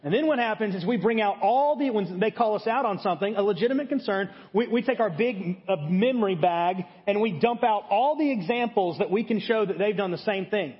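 High-voiced man preaching in a reverberant hall. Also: lively intonation, fairly quick. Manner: conversational teaching, frequent "okay?" check-ins. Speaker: pastor. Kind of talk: sermon. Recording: muffled sound with long hall reverb.

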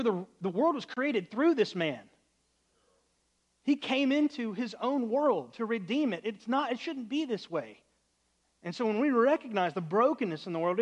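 A man with a high, light voice preaches a sermon in an earnest, conversational way. He often softens to a hushed, gentle tone, and he talks plainly, as if chatting with his congregation. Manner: earnest, conversational, drops to quiet on sad moments. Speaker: pastor.

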